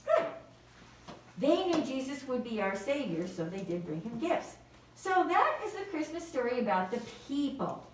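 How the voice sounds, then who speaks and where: A woman teaches a group of small children with a high voice that swings up and down. She prompts them in a gentle, sing-song way and praises each answer. She is picked up from across a very echoey classroom, with faint noise underneath. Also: sing-song, moderate pace. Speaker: preschool teacher. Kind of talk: leading a children's Christmas lesson. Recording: very echoey room, distant mic.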